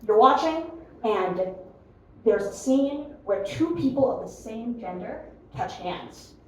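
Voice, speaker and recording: On stage at a comedy club with a live audience, a young American woman talks slowly in a fairly high, darkish voice with lively intonation. Her chatty, self-deprecating set has her laughing at her own jokes, captured in a noisy, echoey room from a distant mic.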